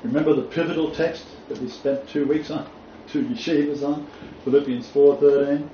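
A man's voice: fairly high pitch, steady tone, moderate pace, warm tone. A man preaching a sermon, quoting scripture emphatically and rising on key phrases. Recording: roomy, distant, dull, faint noise.

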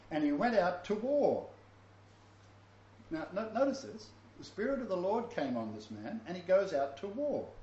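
His voice is a little high and a little mellow as he reads verses aloud, offers commentary, and chuckles at his own asides in an informal Bible study. Slight hiss or hum colors the roomy, dull lo-fi recording.

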